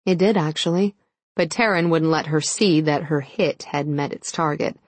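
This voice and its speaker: A woman narrating an audiobook in an even, measured storytelling manner. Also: deep voice, no echo. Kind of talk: scripted narration.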